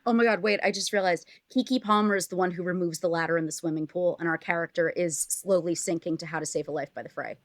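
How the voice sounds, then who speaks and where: A woman's voice: lowish voice, fairly even intonation, fast talker, hardly any pauses, no room sound, studio quality. A woman guest on a podcast, brainstorming in a rambling, casual way, full of "like" and laughter. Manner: rambling, heavy use of "like", laughs often.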